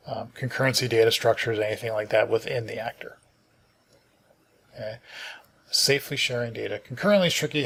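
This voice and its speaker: A middle-aged man at a mid-range pitch talks through programming notes on a casual stream, his voice carrying a gravelly edge. He sounds tired and yawning. He reads passages aloud, then trails off into thinking aloud with fillers and false starts. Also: fairly bright tone. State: sleepy, yawning. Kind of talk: casual live-coding stream, reading docs aloud.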